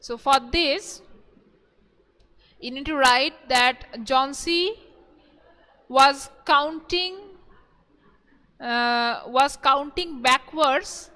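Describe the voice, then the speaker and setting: A woman teacher with an Indian English accent, slowly going over exam questions and repeating each one several times in an online class. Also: high voice, bright, forceful tone, big-room sound.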